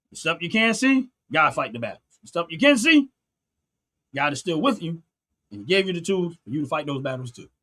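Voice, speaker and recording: A man's voice: on the high side, pushed and bright, husky. Earnest man on a preachy rant. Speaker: channel host. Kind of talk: solo opinion monologue.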